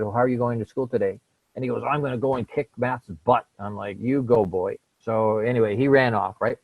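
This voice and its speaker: A man's voice: on the low side, darkish tone, dry recording, low-quality recording. A middle-aged man, a podcast guest, telling a personal story in casual conversation, repeating words and restarting sentences as he makes his points. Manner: repeats words and restarts, emphatic about change.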